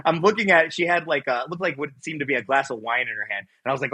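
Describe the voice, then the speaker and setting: Man, bright tense tone, personal storytelling, restarts and acted quotes. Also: medium pitch, expressive, fast talker, few pauses, breathy edge, low-quality recording. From Buffalo, New York. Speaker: guest.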